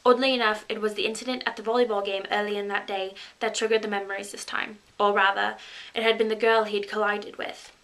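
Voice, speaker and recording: A woman's voice: mid-range voice, little pitch movement, fast, fairly bright tone, low-quality recording. A woman vlogger reading a novel aloud in a put-on British accent, chatty and giggly between passages. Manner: chatty and giggly, self-mocking.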